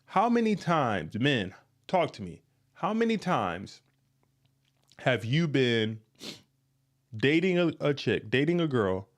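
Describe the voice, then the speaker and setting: A man hosting a podcast, giving blunt, emphatic dating advice straight to listeners and repeating his points. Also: on the high side. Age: adult, past his youth. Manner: emphatic, repetitive, blunt and frank. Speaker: podcast host. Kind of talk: direct-to-listener advice monologue.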